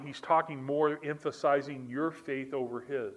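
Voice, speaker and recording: A man's voice: a little high, fairly even intonation, moderate pace, hardly any pauses. A middle-aged male pastor preaching a sermon in an earnest way, repeating key lines for emphasis.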